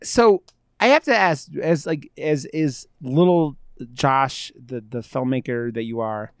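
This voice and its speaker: A man's voice: medium pitch, expressive, slow, smooth, no echo, clean studio sound. A man co-hosting a podcast, talking about a film in a rambling, jokey way, with plenty of swearing and filler words. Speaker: podcast co-host. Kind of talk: casual film discussion.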